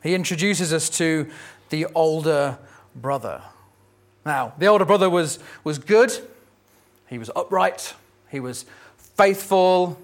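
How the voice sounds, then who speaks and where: Conversational preacher, light humor. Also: male voice, a little high. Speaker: pastor. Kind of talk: sermon.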